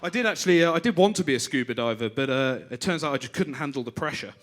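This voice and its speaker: A man's voice: on the high side, lively intonation, quick pace, fairly bright tone, faint music behind. A man doing stand-up made of short pun one-liners, with small stumbles as he starts them. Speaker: stand-up comedian.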